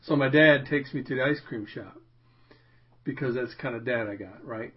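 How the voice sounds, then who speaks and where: A man's voice: medium pitch, moderate pace, breathy edge, lo-fi sound. A man casually telling a rambling anecdote on a talk show, often restarting his sentences. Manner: rambling, self-interrupting, puts on voices in anecdotes. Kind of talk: casual storytelling.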